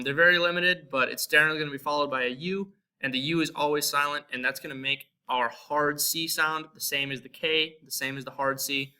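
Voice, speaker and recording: A young American man with an American accent, giving a relaxed spoken lesson and slowly repeating example words. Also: on the high side. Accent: American English. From United States. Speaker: Spanish teacher.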